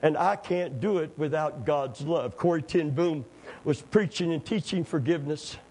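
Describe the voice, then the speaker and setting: A man preaching a sermon, telling stories and jokes, swinging between hushed moments and near-shouting fervor. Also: on the high side, moderate pace, low-quality recording. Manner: impassioned, rising to near-shouts, folksy storytelling with jokes.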